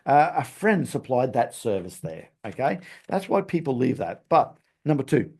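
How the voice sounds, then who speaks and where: Very animated and at a normal speed, a man's medium-pitched voice sounds creaky, a little mellow, and breathy at the edges. He hosts a podcast, coaching listeners through a recap with a tacked-on "okay?" and laughing at his own stumbles.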